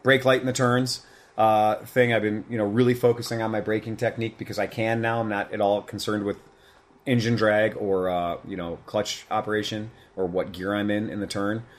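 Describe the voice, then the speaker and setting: A man's voice: on the low side, little pitch movement, brisk. A man who runs a motorcycle shop, chatting casually and bluntly, with some swearing. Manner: blunt, profane, opinionated. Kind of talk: casual podcast chat.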